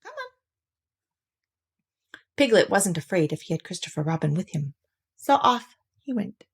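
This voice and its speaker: A woman reading a children's storybook aloud with expressive, animated storytelling. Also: lowish voice, moderate pace, creaky, husky.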